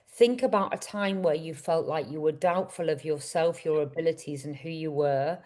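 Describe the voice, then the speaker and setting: Low, mellow woman coaching. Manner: earnest, directly addresses and questions the audience. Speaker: wellbeing coach and summit speaker. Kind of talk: motivational summit talk.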